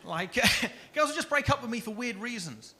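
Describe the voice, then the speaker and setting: A man doing a stand-up routine on a comedy club stage with a handheld mic, delivering deadpan one-liners. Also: very high-pitched, normal speed. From Stoke-on-Trent area, England.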